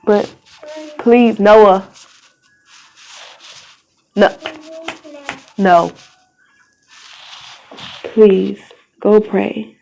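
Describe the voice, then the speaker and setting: Pleading young woman with a gravelly voice. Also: mid-range voice, dark tone, poor audio. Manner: earnest, pleading, drops to whispers at times. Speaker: vlogger. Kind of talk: emotional personal testimony.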